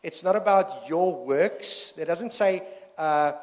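A man's voice: a little high, animated, takes it slowly. A man preaching a sermon as pastor, earnest and full of restarts and fillers, building to emphatic peaks. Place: church hall. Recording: long reverb of a church hall.

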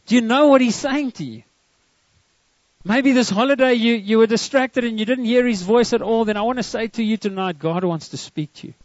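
A man's voice: very high voice, a little fast, no room sound, muffled recording. A man preaching a sermon to a church congregation, earnest and often repeating words as he starts a line. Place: church service.

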